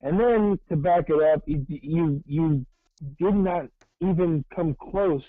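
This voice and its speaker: A man with a slightly high voice talks sports bluntly and wryly, dropping casual swears. His voice comes through thin and phone-like, dry and close, with no room sound. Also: slow pace, no echo. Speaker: sports podcast co-host.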